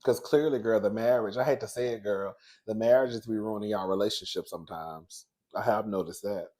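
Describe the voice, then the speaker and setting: A man hosting casual gossip commentary, chatty and animated, calling listeners "girl" and "baby.". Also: on the low side, a little fast. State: out of breath. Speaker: commentary host.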